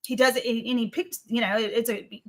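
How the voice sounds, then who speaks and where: A woman guest telling a story in casual conversation, rambling with restarts and lively jumps in pitch. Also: fairly quick. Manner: rambling, lots of restarts and "you know"; animated, jumps up in pitch when retelling. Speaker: interview guest.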